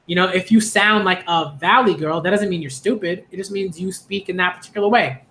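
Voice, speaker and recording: Talking a little fast, the young host sounds high, bright, and forceful. He's from Hollis in Queens, New York, and covers anime and manga on camera in a loose, rambling style packed with fillers like "like" and "um" and frequent restarts.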